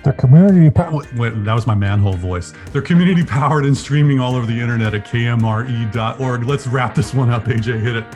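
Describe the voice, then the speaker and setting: Man, podcast co-host, wry, joking, casual chat, mid-pitched. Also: fast talker, few pauses, a little mellow, faint music behind.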